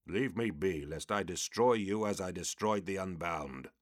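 A man voicing a wounded, weary demigod warrior who speaks strained and breathy, through gritted teeth. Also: low-pitched, expressive, unhurried. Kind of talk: audiobook character voice.

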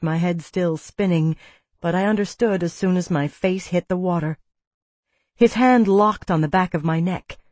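A woman's voice: fairly low pitch, darkish tone, no echo. A woman reading a first-person audiobook with tense, vivid storytelling. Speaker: narrator.

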